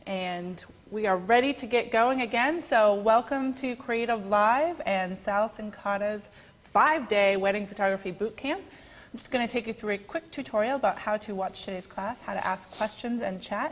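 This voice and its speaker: A woman hosting an online class, explaining in a clear, brisk, instructive way how viewers can follow along. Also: medium pitch. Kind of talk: scripted tutorial narration.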